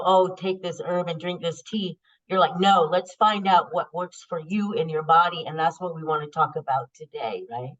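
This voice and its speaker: A woman hosting a podcast, chatting casually and warmly telling a story, openly emotional. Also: fairly low pitch. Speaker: podcast host. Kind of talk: casual interview chat. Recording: dull lo-fi sound.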